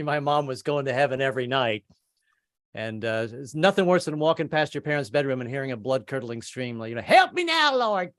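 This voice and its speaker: A man's voice: medium pitch, no echo, clean studio sound. Stammering man telling stand-up stories. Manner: rambling, stammering, trades in put-on voices. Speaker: stand-up comedian. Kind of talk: stand-up set over video call.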